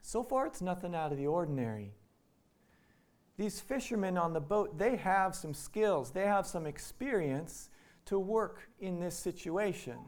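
A man's voice: high voice, expressive, measured pace, a little mellow. A man from Iowa preaching a sermon in a conversational way, acting out the quoted lines. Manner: conversational, acts out quotes in voices. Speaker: pastor.

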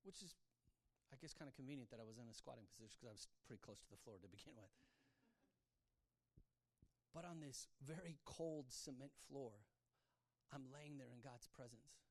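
A man preaching a sermon, telling his own story, his voice swinging from hushed to loud. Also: medium pitch, normal speed, long pauses. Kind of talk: sermon testimony.

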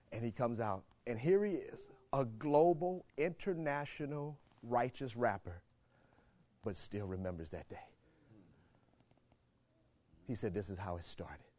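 A male pastor preaching a sermon, moving from quiet storytelling to shouted exhortation and repeating phrases for emphasis. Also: fairly low pitch. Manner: repeats phrases for emphasis, laughs between points.

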